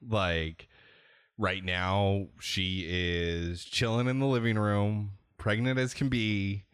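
A young man co-hosting a podcast, telling stories in a lively, casual way and swearing freely. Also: on the low side, slow pace, clean tone, no room sound, studio quality. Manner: animated storyteller, swears freely. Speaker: podcast co-host. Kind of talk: casual chat.

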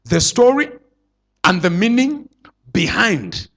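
A man preaching a sermon to his church, swinging between loud declarations and hushed asides. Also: high-pitched, very animated, slow, gravelly. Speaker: pastor.

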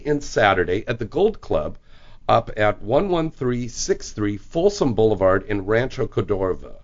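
A man hosts a talk radio show, his pitch swinging lively as he jokes crudely and banters loosely. The sound is dull and lo-fi.

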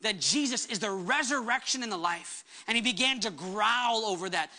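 A woman's voice: fairly high pitch, brisk, few pauses, pushed and bright. A woman pastor delivering a sermon with emphatic preaching, acting out the words she quotes.

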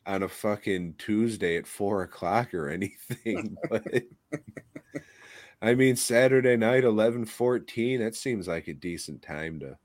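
A man's voice: lowish voice, a little slow, no echo. A man co-hosting a podcast, trading crude, joking banter in casual chat. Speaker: podcast co-host.

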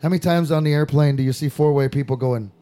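A man's voice: on the high side, quick pace, mellow. A middle-aged man from Southern California, a skydiving coach, chatting casually and telling stories with laughs. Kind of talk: casual podcast chat.

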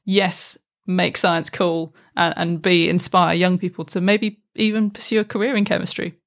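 A woman's voice: lowish voice, flat delivery, normal speed, creaky. A woman co-host explaining science in an upbeat, chatty way. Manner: upbeat, explanatory, says "brilliant" often. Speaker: podcast co-host, science communicator. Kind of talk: casual podcast chat.

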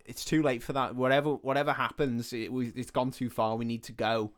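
A man hosts a podcast and casually walks through a film's story. He speaks at a middle pitch and slips into the characters' voices as he goes. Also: little pitch movement, a little fast. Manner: retells the plot loosely, acting out the characters' lines. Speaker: podcast host. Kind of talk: casual film recap chat.

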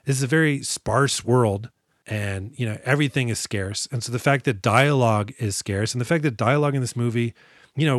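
A man's voice: medium pitch, dry recording, clean studio sound. Wry, profane male podcast host. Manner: profane, wry recapping with mocking quoted asides. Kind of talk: casual movie podcast chat.

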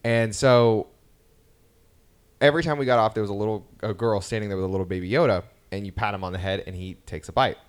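A man in his thirties co-hosts a podcast, his voice low-ish, quick and smooth. In easygoing chat he tells lively family stories, acting out the things his kids said.

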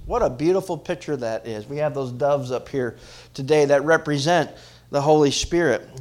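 A pastor delivers a sermon to his congregation in a voice on the high side, at a moderate pace. He swings from loud, emphatic rises to quiet drops and often poses questions to the church.

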